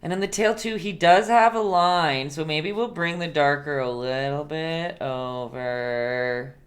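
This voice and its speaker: A woman's voice: sits low, measured pace. Chatty woman teaching a painting live stream. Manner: chatty and playful, laughs often and reacts to viewers.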